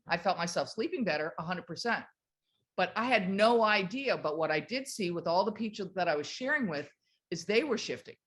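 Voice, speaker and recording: A woman in her fifties with a mid-range voice tells an enthusiastic, animated story over a video call. She speaks as a sales team leader inspiring her group. Her delivery is lively and warmly persuasive. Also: medium pitch. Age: 50s. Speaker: network marketing team leader.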